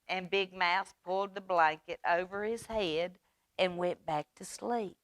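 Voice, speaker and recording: Librarian woman reading aloud to kids, slow and animated, dry room. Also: fairly low pitch, no echo. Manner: slow, expressive reading with hushed asides. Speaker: children's librarian. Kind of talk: storytime read-aloud. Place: public library.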